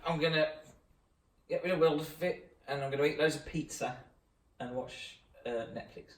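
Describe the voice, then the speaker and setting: A man's voice: on the high side, fairly even intonation, normal speed. A man, the host of a fitness channel, chatting casually about an injury. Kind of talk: casual chat. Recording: echoey room, mic at a distance.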